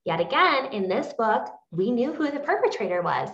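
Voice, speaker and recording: An easygoing woman co-hosting a book podcast, agreeable and quick to laugh. Her voice is mid-pitched and captured with a roomy echo. The recording has a dull, muffled top end. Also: sing-song, a bit bright. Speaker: podcast co-host. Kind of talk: casual book-club chat.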